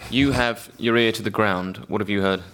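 A man's voice: lowish voice, steady tone, moderate pace, a bit bright. A man hosting a comedy podcast on a theatre stage, teasing his guests dryly with stammering restarts. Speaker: host. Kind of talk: comic panel chat.

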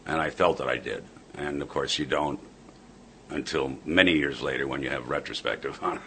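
A middle-aged man answering interview questions in a halting way, with frequent fillers and dry asides. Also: a bass voice, pushed and bright, a little hiss or hum. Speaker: interview guest, comedian. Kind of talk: casual interview chat.

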